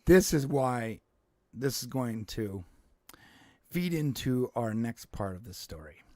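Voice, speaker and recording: A man's voice: medium pitch, expressive, slow pace, warm tone, no room sound. A man co-hosting a live-streamed podcast, chatting casually and making fun of himself. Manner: joking, self-deprecating. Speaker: podcast co-host.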